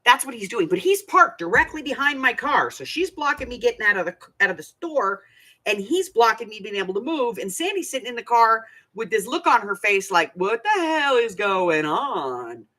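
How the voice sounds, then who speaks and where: An older woman hosts a craft channel, telling a rambling, chatty story packed with asides in a casual storytelling vlog. Her voice is a little high, animated and a little fast, with a sharp tone.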